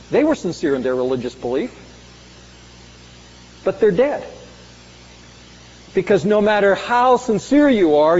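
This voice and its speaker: A pastor preaches a sermon with emphasis, his high male voice carrying a darkish tone and swinging dramatically in pitch and volume. The sound is muffled, recorded in a hall with long reverb.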